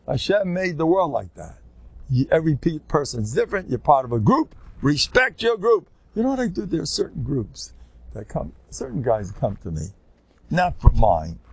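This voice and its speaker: An older rabbi lectures in a gravelly voice that leaps from near-whispers to loud, high exclamations. His pitch swings widely and his delivery is lively and informal, sprinkled with Yiddish and Hebrew words. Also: no echo. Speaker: rabbi giving a Torah lecture.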